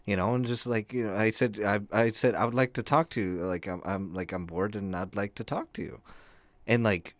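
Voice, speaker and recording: A man's voice: fairly low pitch, steady tone, brisk, dry recording. A young man co-hosting a casual podcast, telling a story in a rambling way with many restarts. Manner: rambling, self-interrupting storyteller. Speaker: podcast co-host. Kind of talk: casual chat.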